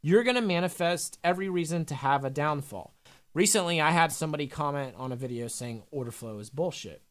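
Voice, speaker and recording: A man's voice: on the high side, brisk. A young adult man coaching a trader live, talking bluntly and emphatically with frequent swearing. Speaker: trading coach.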